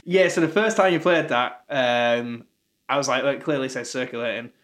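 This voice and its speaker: A man, co-hosting a casual music podcast, relaxed and joking as he asks questions. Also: mid-range voice, moderate pace. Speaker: podcast co-host. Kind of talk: casual chat.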